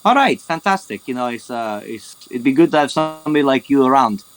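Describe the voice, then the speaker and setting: A man's voice: medium pitch, lively intonation, brisk, music in the background, natural voice, low-quality recording. Man playing a polite hesitant woman. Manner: polite, hesitant, full of ums. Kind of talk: tabletop role-play over a voice call.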